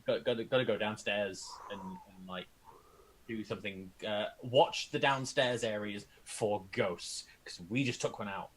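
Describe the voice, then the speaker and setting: A man playing a tabletop game, working out his character's bluff in halting, searching phrases. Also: fairly low pitch, slight background noise, rough recording. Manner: slow, halting, searching for words. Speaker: player. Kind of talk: casual tabletop game chat.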